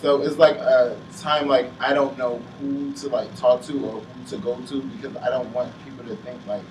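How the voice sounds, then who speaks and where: Young man talking halting and teary. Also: mid-range voice, little pitch movement. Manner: heavy use of "like", halting, on the verge of tears. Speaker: panelist. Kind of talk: emotional casual chat. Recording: roomy sound from a distant mic with faint noise.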